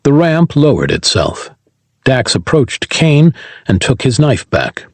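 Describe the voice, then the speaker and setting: A man reads an audiobook with a husky, slightly breathy voice. His pitch rises and falls in an animated way, and the recording is close and dry with no room sound. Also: slow pace, no echo. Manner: voices every character himself. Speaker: audiobook narrator. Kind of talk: scripted audiobook narration.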